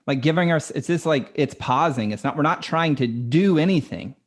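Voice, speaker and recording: A man's voice: a little high, moderate pace. A man who works as a coach, talking casually and earnestly as a podcast guest. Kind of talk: conversational podcast interview.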